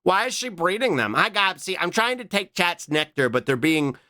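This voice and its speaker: A man on a live stream, chatting loosely with his viewers. His voice sits a little high and sounds bright and forceful, and his pitch jumps around a lot as he bounces between remarks and quick "what?" replies to chat. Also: very animated.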